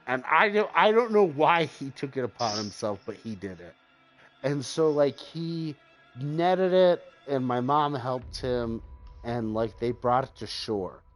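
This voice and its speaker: A man's voice: medium pitch, lively intonation, measured pace. A drunk man streaming a game and rambling through a long story. He swears freely and fills it with "like". Faint music plays behind him. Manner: rambling, lots of "like", profane. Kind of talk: casual storytelling while gaming.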